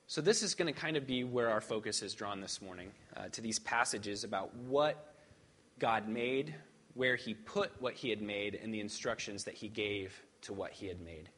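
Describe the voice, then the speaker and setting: Pastor guy, lowish voice, reads scripture steady then talks easy with lots of ums. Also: slightly rough. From rural Midwest farming family. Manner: measured reading, then conversational with fillers. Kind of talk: sermon with scripture reading.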